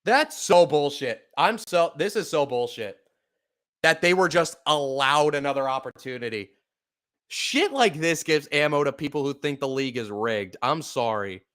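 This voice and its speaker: A young man giving live, profane fan play-by-play of a football game, exasperated and bursting into loud outbursts. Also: on the high side, animated, moderate pace. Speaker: podcast play-by-play host.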